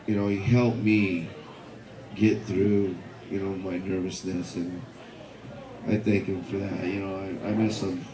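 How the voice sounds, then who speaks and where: A man's voice: on the low side, dark tone. Hesitant man giving a eulogy in an echoey hall. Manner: hesitant, many fillers and repeated words. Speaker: memorial speaker. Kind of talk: halting personal eulogy.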